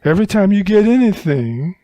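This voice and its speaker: A man's voice: high voice, big pitch swings, a little fast, warm tone, no room sound, clean studio sound. A man giving a Buddhist dharma talk at a retreat center, teaching unhurriedly with emphatic repetition.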